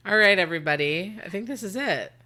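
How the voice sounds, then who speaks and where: A woman's voice: mid-range voice, animated, fast talker, pushed and bright. A woman co-hosting a podcast, talking in earnest, heartfelt casual chat. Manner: earnest, heartfelt, laughs easily. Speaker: podcast co-host.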